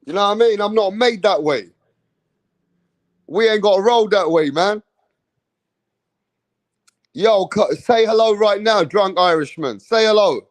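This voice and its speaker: A man's voice: high-pitched, animated, unhurried, long pauses. A man hosting a boxing channel, talking casually and chiding viewers in street slang. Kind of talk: casual livestream rant.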